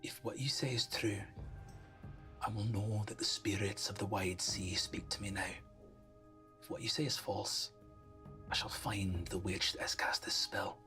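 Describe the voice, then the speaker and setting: A man's voice: on the low side, steady tone, measured pace, long pauses, pushed and bright, soft background music, pitched below the performer's own voice. A man voicing a mysterious, menacing male voice that answers a magic message, in whispered role-play. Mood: grave. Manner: grave, threatening.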